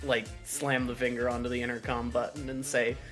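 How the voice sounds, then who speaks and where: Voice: mid-range voice, flat delivery, fairly quick, soft background music. A player in a tabletop game talking casually, with lots of fillers. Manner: casual, chatty, filler-heavy.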